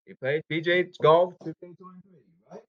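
A man's voice: on the high side, fairly even intonation, fairly quick, dull audio. A man talking casually to his audience, rambling and repeating himself as he jumps between topics. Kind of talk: casual rambling talk to camera.

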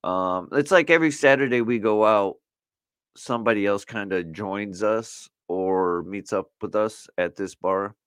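A man's voice: on the low side, unhurried, fairly bright tone, smooth, no room sound, studio quality. A middle-aged man hosting a podcast alone in a loose, rambling chat, full of "you know" and "like". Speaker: podcast host. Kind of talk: casual solo podcast chat. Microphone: camera setup for video recording.

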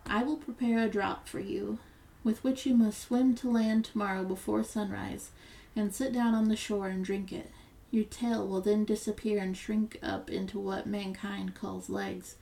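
A woman's voice: mid-range voice, level tone, moderate pace, gravelly, dark tone, far from the mic, natural voice, rough recording. A woman voicing a scheming old sea witch in a storybook reading, blunt and warning.

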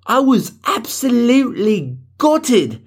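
A man's voice: very high voice, wildly swooping pitch, husky, voice pushed up, heavily acted. A man putting on an exaggerated mock British accent as a dramatic, slangy bloke. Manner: exaggerated, drawn-out exclamations.

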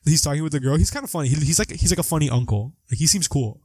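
A young man co-hosting a casual podcast chat about a film, animated and quick to act out lines from scenes. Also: husky, dry recording. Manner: animated, acts out quotes with big pitch jumps. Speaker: podcast co-host.

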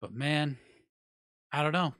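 A man's voice: a little high, takes it slowly, a bit bright, no room sound, studio quality. A man giving a blunt, profane, rambling music review in casual chat. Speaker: music news vlogger.

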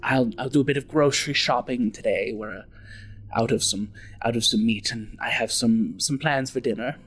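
A man's voice: medium pitch, moderate pace, a bit bright, lightly acted. A man voicing a kindly older grandmother who fusses over the household and repeats herself. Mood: doting.

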